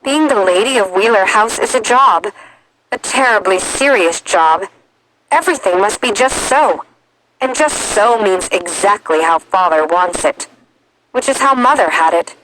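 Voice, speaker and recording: A woman's voice: mid-range voice, expressive, moderate pace, a bit bright, a little hiss or hum, lightly acted, rough recording. A woman reading a storybook, voicing a frustrated young girl in mourning who talks intensely and with emphasis.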